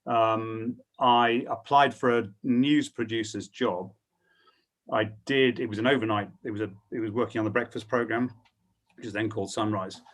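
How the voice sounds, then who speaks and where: A man's voice: fairly low pitch, steady tone, moderate pace. A middle-aged man, a sports broadcaster on a panel, telling his career story with plenty of ums. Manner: storytelling, hesitant with frequent ums. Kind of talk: anecdotal panel talk.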